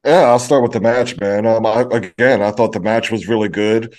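A man's voice: on the low side, steady tone, a little mellow. Hesitant, laid-back man chatting. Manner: halting, hesitant, full of restarts and laughs. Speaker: podcast co-host. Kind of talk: casual podcast chat.

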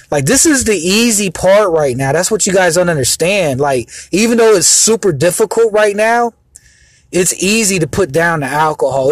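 A young Christian speaker, his voice a little high and the recording free of room sound, delivers an earnest, rambling sermon about faith. It's casual preaching, packed with fillers.

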